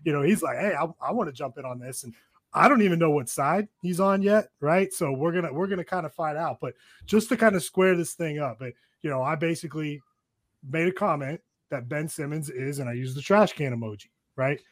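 A man's voice: fairly high pitch, fairly quick, no echo, clean studio sound. A man co-hosting a sports radio show in casual chat, laid-back and rambling, peppering his talk with "man" and "you know". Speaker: radio co-host.

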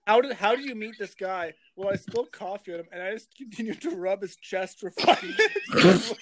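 Podcast cohost rambling, mid pitch, lots of chatter noise in the back. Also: sing-song, normal speed. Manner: rambling, repeats words, laughs. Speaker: podcast co-host. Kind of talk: casual chat.

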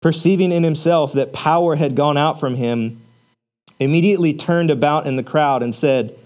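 A man's voice: on the high side, moderate pace, darkish tone, smooth. A man preaching a sermon in a conversational way, asking rhetorical questions and using casual fillers. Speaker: pastor.

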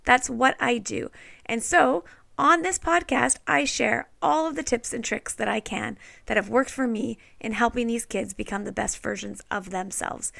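A woman in her forties hosts a parenting podcast with an upbeat, encouraging energy and a fairly high voice. Her voice has a gravelly fry running through it. She is recorded close and dry, with faint music underneath. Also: normal speed, a bit bright, no room sound. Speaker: podcast host and parenting coach.

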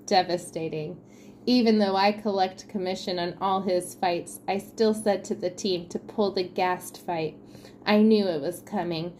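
A woman's voice: lowish voice, fairly even intonation, measured pace, a little mellow, slight background noise. A woman co-hosting a casual sports podcast, reading quotes aloud and laughing at them. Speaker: podcast co-host.

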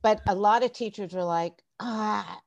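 A woman's voice: medium pitch, brisk, no room sound, muffled recording. A middle-aged woman, a former teacher, telling funny stories in a casual podcast interview, full of restarts and laughter. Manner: animated, laughing storyteller with many restarts. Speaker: podcast guest, former teacher and tech coach.

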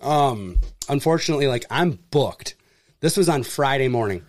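A man telling a story in casual chat, acting out the people in it with jumps in voice and plenty of swearing. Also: moderate pace. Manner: animated, acts out quoted people with pitch jumps, swears freely. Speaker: furniture delivery and service worker.

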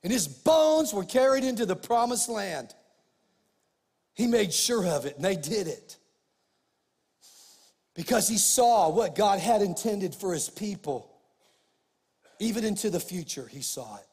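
A middle-aged male pastor preaching a sermon, animated, swinging between loud emphasis and quiet asides. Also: high voice, unhurried, pauses often, breathy edge, long reverb tail.

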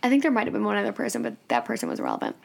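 A woman's voice: wildly swooping pitch, racing, vocal fry, a little hiss or hum. A young woman co-hosting a podcast, telling a story in casual chat and often quoting people. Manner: chatty storyteller, quotes people in a higher voice. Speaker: podcast co-host. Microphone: studio microphone.

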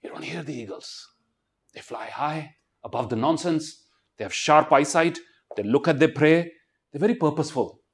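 A man giving a motivational talk to students, animated and constantly quizzing the crowd. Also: fairly high pitch, moderate pace. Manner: animated, keeps quizzing the audience and leading call-and-response. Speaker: motivational speaker.

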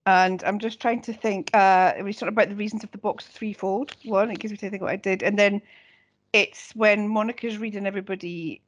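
A woman's voice: mid-range voice, a little fast. A woman co-hosting a podcast, chatting casually and animatedly quoting lines. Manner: animated, quotes lines with relish. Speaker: podcast co-host. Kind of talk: casual chat.

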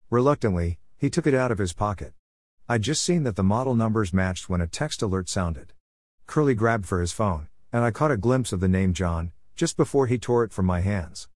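A man narrating a first-person story in a calm, measured, patiently firm way. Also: on the low side, no echo.

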